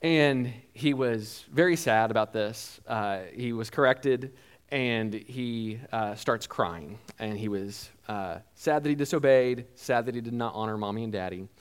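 A man preaching a sermon, telling a personal story in a halting way with frequent restarts and acting out quoted lines. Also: mid-range voice, smooth. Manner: animated storyteller who acts out quoted lines.

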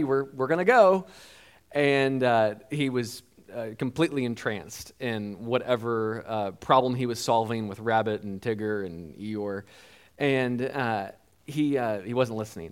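A man preaching a sermon, telling a personal story in a halting way with frequent restarts and acting out quoted lines. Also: medium pitch, clean tone. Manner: animated storyteller who acts out quoted lines.

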